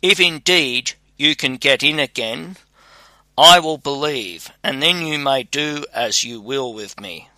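Brief: a calm, clever young scholar, read by a man, slow and steady with a bright tone. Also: mid-range voice, no room sound. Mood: firm. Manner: calm, firm and fearless.

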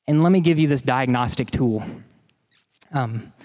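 A man's voice: mid-range voice, a little slow, a little mellow, big-room sound. A man preaching a sermon in an earnest, emphatic way, often repeating key phrases. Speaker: pastor.

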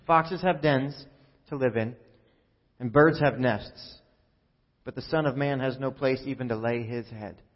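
A man's voice: medium pitch, unhurried, long pauses. A male pastor preaching a sermon in a conversational, joking way, acting out the quoted lines. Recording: muffled sound with long hall reverb.

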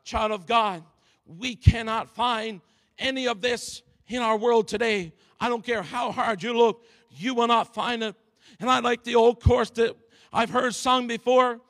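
High-voiced, slow-preaching man. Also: steady tone, fairly bright tone. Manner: slow, deliberate preaching cadence. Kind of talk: sermon. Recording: long reverb of a large hall.

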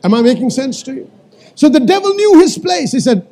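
This pastor's very high voice has a sing-song quality at a moderate pace as he preaches. He addresses the congregation directly, repeating lines for emphasis and occasionally shouting commands.

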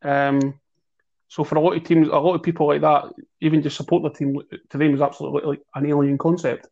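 A man co-hosting a football chat show, speaking in a measured way and thinking aloud with fillers. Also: a little high, level tone, creaky, darkish tone, muffled recording. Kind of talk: casual podcast chat.

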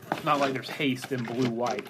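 A man's voice: medium pitch, fairly even intonation, normal speed, background noise. A man playing a card game, talking through his turn and counting out his moves. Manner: thinks aloud, counts and explains his moves.

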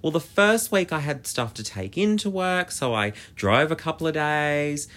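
An Australian man hosting a podcast, telling a story in a chatty, animated way, swearing and filling with "like". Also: on the high side, normal speed. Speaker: podcast host. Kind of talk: casual storytelling monologue.

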